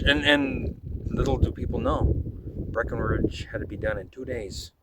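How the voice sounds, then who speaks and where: A man's voice: medium pitch, vocal fry, distant mic, background noise. A young man, a vlogger, telling stories from his trips in casual, exasperated, profanity-laced rants. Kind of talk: casual storytelling.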